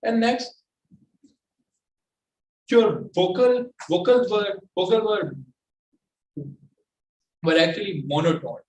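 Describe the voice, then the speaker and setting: A man with a Pakistani English accent evaluating a speech at a club meeting, halting and repeating his words often. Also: sits high, darkish tone. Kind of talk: giving spoken feedback at a club meeting. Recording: echoey room from far off, faint noise.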